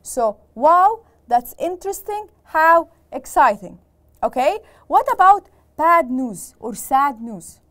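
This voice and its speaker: This is an Egyptian woman teaching an English lesson in a high voice. She explains in English, then repeats herself in Egyptian Arabic. She acts out each sample phrase with expressive emphasis, like a classroom teacher. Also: slow pace.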